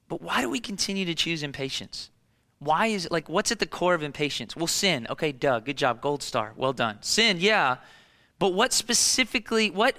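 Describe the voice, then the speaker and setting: A male pastor in his thirties delivers a sermon with a bright, forceful, slightly high voice. He hammers on key phrases and keeps asking rhetorical questions. The sound carries a long hall reverb.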